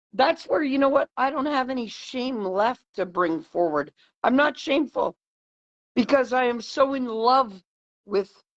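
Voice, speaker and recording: A woman hosting a heartfelt conversation, talking earnestly and repeating phrases for emphasis. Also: fairly high pitch. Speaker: host. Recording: dull lo-fi sound.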